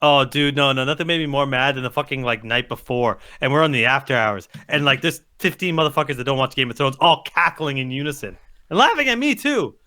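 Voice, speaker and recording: A man's voice: medium pitch, lively intonation, fairly quick, bright, forceful tone. A man co-hosting a casual podcast chat, ranting with heat and plenty of swearing. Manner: heated, ranting, profane.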